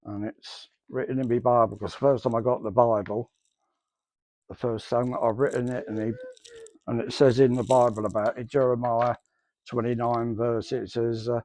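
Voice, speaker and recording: A man's voice: medium pitch, steady tone, unhurried, a little mellow, no echo. Man, middle-aged, rambling spoken testimony, acts out dialogue, dry sound. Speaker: church member giving testimony.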